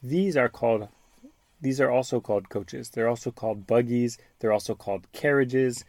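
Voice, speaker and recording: Father reading a bedtime story aloud, gentle, explains words to a child, mid-pitched voice, dry close sound. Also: normal speed, no room sound. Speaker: father reading to his child, podcast host.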